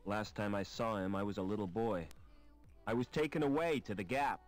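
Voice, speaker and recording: An actor voicing a calm, dry-spoken adult male hero in an adventure game. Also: fairly low pitch, faint music behind, natural voice. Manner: dry, measured, understated. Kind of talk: 1990s adventure game voice acting.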